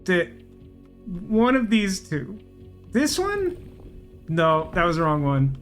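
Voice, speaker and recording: Gamer host, male, raised pitch, thinks out loud, wry asides, light music underneath. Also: wildly swooping pitch, slow. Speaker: gaming channel host. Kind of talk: let's play commentary.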